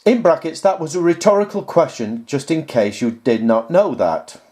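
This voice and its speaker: A YouTuber talking to camera reads viewer comments aloud and rebuts them one by one, sarcastic and exasperated. His voice is fairly high with a darkish tone and lively intonation, and he speaks at normal speed in this casual talk.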